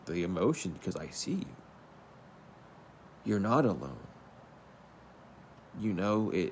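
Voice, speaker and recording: With a lowish, slightly mellow voice, a man reads out an earnest spiritual pep talk straight to the viewer. He wanders and repeats himself in a calming way, and there is slight background noise.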